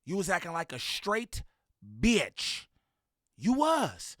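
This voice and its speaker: A man with a high, bright, sharp voice heckles and mocks in a loud reaction commentary. The sound is dry and close, with no room around it. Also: wildly swooping pitch, slow, no echo.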